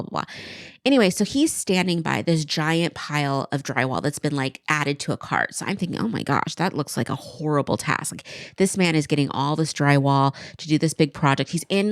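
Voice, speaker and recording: A woman's voice: low-pitched, no room sound, clean studio sound. A woman in her forties co-hosting a podcast, telling a rambling, self-deprecating story in a casual chat full of "like". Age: 40s. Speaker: podcast co-host.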